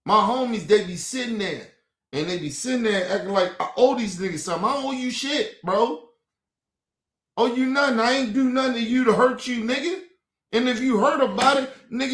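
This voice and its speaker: A man's voice: very high voice, a bit bright, reverberant. A man in his forties ranting in a heated, casual way, profane and emphatic, repeating himself in street slang. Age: 40s. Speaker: host.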